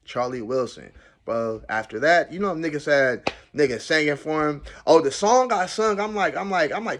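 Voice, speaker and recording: A man telling a jail story in a casual, animated and slangy way. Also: moderate pace. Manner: animated, slangy, loud swings of pitch. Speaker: storyteller recounting jail time.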